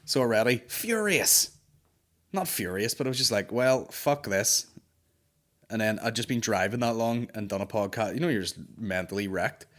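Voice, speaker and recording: A man's voice: lowish voice, a little fast. Sweary man ranting. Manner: sweary, exasperated, animated storytelling. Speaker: podcast host. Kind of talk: comic storytelling rant.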